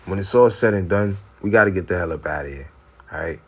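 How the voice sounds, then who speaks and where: Man, very low voice, preachy religious commentator who keeps asking "all right?". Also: fast talker, a bit bright, slightly rough. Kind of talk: preaching commentary on video clips.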